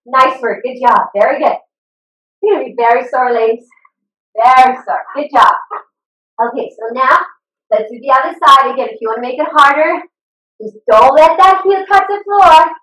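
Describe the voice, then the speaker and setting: A woman's voice: high-pitched, moderate pace, fairly bright tone, distant mic. A woman fitness instructor leading a live online workout, upbeat and encouraging, cheering her class on with whoops. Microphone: video call computer mic. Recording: echoey room, voice a bit off-mic.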